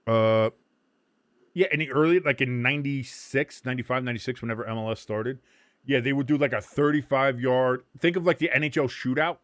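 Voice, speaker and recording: A man's voice: medium pitch, a little fast, no room sound. A man from the United States hosting a casual watch-along stream, explaining the game and cracking profane jokes. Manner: profane, joking, animated. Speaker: host.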